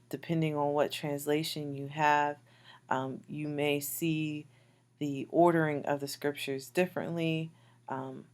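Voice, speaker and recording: A woman's voice: sits low, darkish tone. A woman teaching a beginner Biblical Hebrew lesson over slides, patiently repeating words with frequent fillers. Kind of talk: recorded slide lecture.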